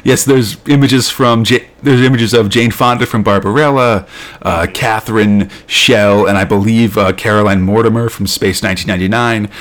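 A man's voice: on the low side, fairly even intonation, normal speed, fairly bright tone, a little hiss or hum. A man co-hosting a casual chat, rambling with many fillers and restarts, laughing often. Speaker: podcast co-host.

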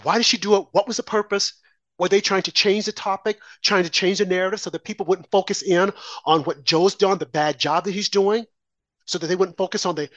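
A man's voice: sits high, fairly bright tone, dry recording. A man giving an indignant, scoffing political monologue, mocking opponents by mimicking them. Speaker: political commentator.

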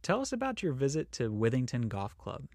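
A man's voice: medium pitch, huge pitch swings, fairly quick, creaky, darkish tone, no echo. Dry-sounding male interviewer. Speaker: interviewer, host. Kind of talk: interview questions.

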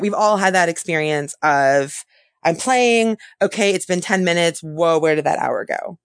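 A woman therapist answering interview questions in a thoughtful way, often pausing and correcting herself. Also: fairly low pitch, a bit bright, dry recording, studio quality. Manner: thoughtful, self-correcting, many fillers.

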